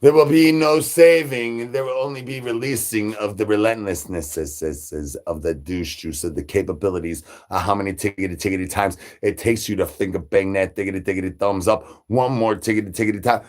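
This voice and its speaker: A man's voice: deep voice, fairly quick, hardly any pauses, a little mellow. A man delivering absurd comedy, rambling through nonsense with rhyming wordplay and stutters. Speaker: comedy channel creator.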